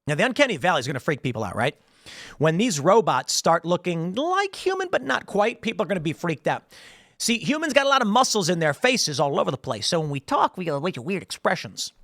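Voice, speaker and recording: Rich: An animated American man in his thirties comments on a clip, his high voice swinging widely in pitch. He rambles and acts out bits of dialogue. The sound is dry and close, with no room around it. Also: quick pace, no room sound. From United States. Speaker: host. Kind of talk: online commentary on a news clip.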